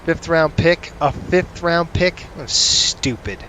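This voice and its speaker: A man's voice: on the high side, slow pace, pushed and bright, a little hiss or hum, rough recording. A man casually commenting on a flight simulator session, running through checklist callouts and ranting sarcastically between them. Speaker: flight sim streamer.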